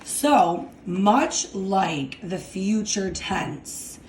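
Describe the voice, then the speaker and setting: A woman's voice: on the low side, roomy sound, a little hiss or hum. A woman teaching a Spanish grammar lesson, explaining step by step and often checking in with "okay?" while she writes. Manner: slow, deliberate, repeats "okay?" to check understanding.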